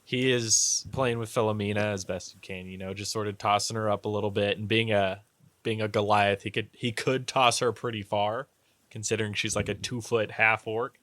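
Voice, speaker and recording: A man's voice: lowish voice, little pitch movement, moderate pace, fairly bright tone, dry recording. A man narrating as game master in a tabletop game, rambling with lots of fillers and restarts. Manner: rambling, hesitant, many fillers.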